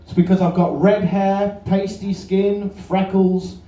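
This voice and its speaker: A man's voice: sits high, flat delivery, takes it slowly, warm tone, distant mic, lo-fi sound. A man doing a stand-up comedy set in a club, bantering with the crowd and swearing freely. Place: comedy club stage with a live audience. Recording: roomy live club recording, off-mic, crowd. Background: audience laughter.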